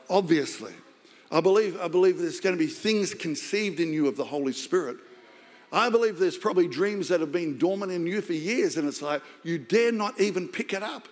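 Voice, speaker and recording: An Australian man preaching a sermon as pastor, jokey and animated, acting out the voices of the story. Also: high voice, fairly quick. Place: large church hall. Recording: long hall reverb.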